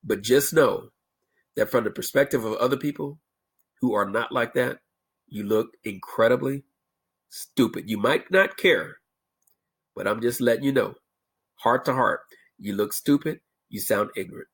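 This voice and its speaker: A man's voice: medium pitch, moderate pace, pauses often, husky. A man delivering a blunt, emphatic opinion rant as a vlogger, lecturing his viewers.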